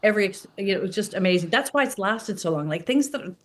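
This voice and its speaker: Middle-aged actress, interview guest, loose and talkative, average pitch. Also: female voice, expressive, quick pace. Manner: chatty, lots of restarts and "like". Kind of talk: casual interview chat.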